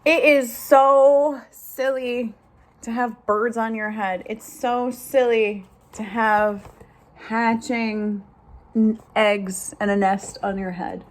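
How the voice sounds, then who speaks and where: A woman teacher reading a picture book aloud to young students, animated and instructive, then giving them a drawing task. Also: on the high side, slow pace, low-quality recording.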